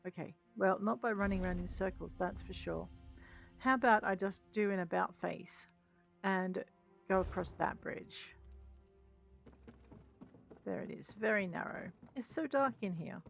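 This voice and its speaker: A woman with vocal fry offers measured, frequently paused commentary on a video game, teasing herself and replying to the characters. Her pitch sits in the middle. The audio is dull and lo-fi, mixed with game music.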